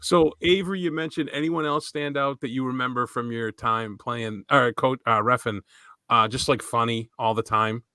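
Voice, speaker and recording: A man's voice: medium pitch, fairly even intonation, normal speed, pushed and bright, smooth, no room sound, studio quality. A man co-hosting a podcast, asking questions and bantering like an enthusiastic fan. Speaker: podcast co-host. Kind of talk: casual chat.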